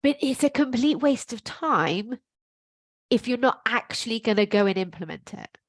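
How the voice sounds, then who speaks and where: A middle-aged woman coaches straight to camera in a lively, frank, emphatic way, swearing now and then without fuss. Her voice sits a little high. The recording is close and dry, with no room sound. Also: moderate pace, no echo. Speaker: life coach. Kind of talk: motivational coaching talk to camera.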